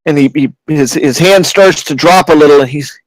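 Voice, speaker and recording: A man narrating a tabletop game as game master, his voice slightly high and the recording dry and close. He builds the scene dramatically while stumbling over restarts. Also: dry recording, rough recording. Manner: halting, with many restarts, dramatic.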